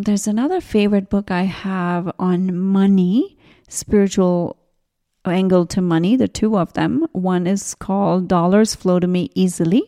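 A woman in her forties hosting a spiritual podcast, talking gently in a rambling way with tangents and restarts. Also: mid-range voice. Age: 40s. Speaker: podcast host. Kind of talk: casual spiritual podcast talk.

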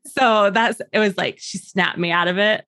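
A woman sharing her own story casually, animated, acting out the people in it and laughing often. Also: medium pitch, normal speed, no room sound, clean studio sound. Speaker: podcast guest sharing her birth story.

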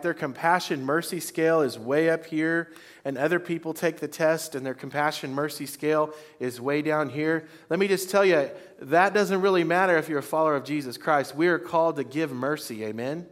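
A man preaching a sermon to a congregation, leading call-and-response lines. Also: on the high side. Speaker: pastor. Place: church before a congregation.

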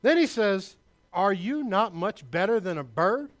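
A male pastor preaching a sermon, emphatic and loud, with asides to the congregation. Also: sits high, big pitch swings, unhurried.

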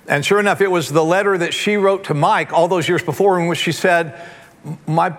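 Man, pastor, sermon, animated storytelling, higher voice, long hall reverb.

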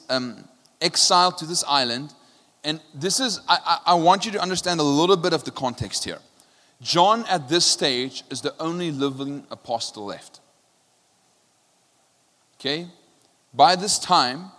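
A male pastor preaching a passionate sermon, his voice swinging from quiet and low to loud, often checking in with "right?". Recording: long hall reverb.

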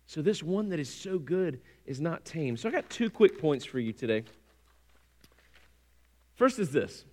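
High-voiced, animated male preacher. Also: unhurried, long pauses. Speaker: pastor. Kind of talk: sermon.

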